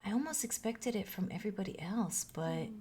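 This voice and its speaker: A woman's voice: medium pitch, lively intonation, a little fast, mellow, husky. A woman reading the lines of an upset teenage girl from a video game, rambling, hurt and exasperated. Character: upset teenage girl venting about friends.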